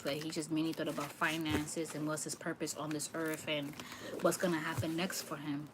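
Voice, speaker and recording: A woman's voice: deep voice, background noise. A woman giving a livestream tarot reading, talking earnestly and repeating phrases for emphasis. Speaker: tarot reader.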